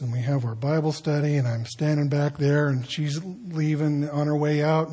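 Husky-voiced pastor preaching in storytelling style. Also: male voice, fairly high pitch. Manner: conversational storytelling, animated quoting of others. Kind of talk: sermon. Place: church sanctuary.

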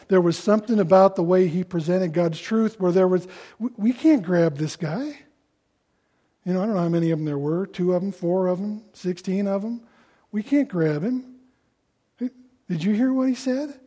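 A man preaching a sermon in a conversational way, acting out the people he quotes in louder voices. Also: high-pitched. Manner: conversational, acts out quoted voices with rising loudness.

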